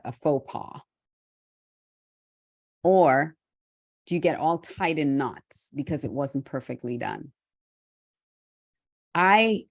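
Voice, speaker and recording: A middle-aged woman from Trinidad hosting a motivational talk, speaking candidly and reflectively with restarts and soft laughs. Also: sits low, no room sound, studio quality. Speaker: host.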